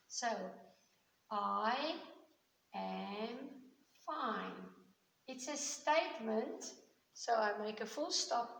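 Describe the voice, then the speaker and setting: A woman's voice: on the high side, fairly bright tone. A woman teacher giving a grammar lesson to children, explaining patiently step by step and checking in often. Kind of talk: recorded classroom grammar lesson. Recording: echoey room with long reverb and faint hiss.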